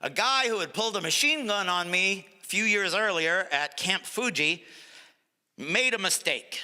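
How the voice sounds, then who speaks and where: A middle-aged male comedian works a live crowd in an animated, high-pitched voice that swoops around. His tone is bright and sharp. The sound carries a long echo from a large venue. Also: moderate pace, clean tone. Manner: animated, jumps into character voices. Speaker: stand-up comedian. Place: comedy stage before an audience.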